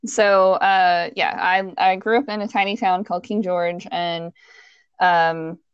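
A woman's voice: lowish voice, steady tone, a little slow, clear, resonant tone, dry recording, muffled recording. A woman with a Virginia accent co-hosting a podcast, chatting casually and rambling with little laughs and restarts over a call. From Virginia, USA. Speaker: podcast co-host.

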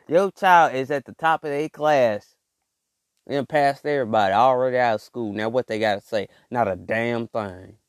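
Male host, father, mid-pitched, talks straight to the listener in slangy, repeating bursts; dead dry recording. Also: moderate pace, no echo. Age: adult father. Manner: repetitive, emphatic, conversational slang. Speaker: podcast host. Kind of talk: motivational monologue.

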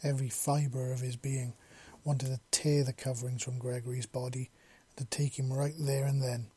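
A man narrating a story in a steady, even reading. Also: medium pitch, normal speed, breathy edge.

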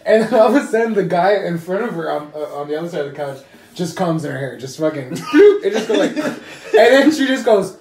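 A man's voice: high voice, lively intonation, quick pace. A young man co-hosting a casual podcast, telling crude stories and laughing through them while acting out the people in them. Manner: laughs through his stories, acts out voices loudly. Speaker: podcast co-host. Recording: roomy echo.

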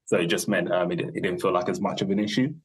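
A young man, a podcast guest thinking aloud in a relaxed, rambling way, full of fillers and self-corrections. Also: deep voice, quick pace, a little hiss or hum. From London, England. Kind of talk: casual conversational interview.

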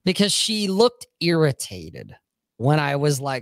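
Slow, lively-pitched blunt storyteller man. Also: no room sound. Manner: blunt, profane storytelling with frequent "okay?" check-ins. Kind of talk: casual podcast chat.

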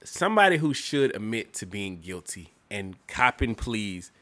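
A man's voice: lowish voice, sing-song, a little slow, fairly bright tone. A man co-hosting a podcast in casual chat, laughing often and swearing. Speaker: podcast co-host.

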